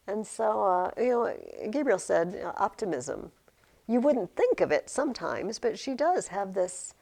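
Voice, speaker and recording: A woman teaching a high school literature class, asking questions and acting out lines from the book. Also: gravelly. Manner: animated, asks questions, acts out quotes.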